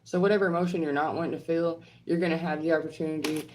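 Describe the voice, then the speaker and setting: A woman with a low, heavy voice delivers a fiery, swearing rant straight to camera. She is blunt and confrontational, and she repeats her phrases for emphasis, with a faint hiss of noise underneath. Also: fairly even intonation, fast, hardly any pauses, a little mellow. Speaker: online creator and healthcare professional. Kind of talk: heated monologue answering trolls.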